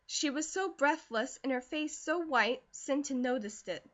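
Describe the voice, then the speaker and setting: A woman narrating a classic novel audiobook in a measured storytelling manner. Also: sits high, a bit bright, highs cut off. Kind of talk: scripted narration.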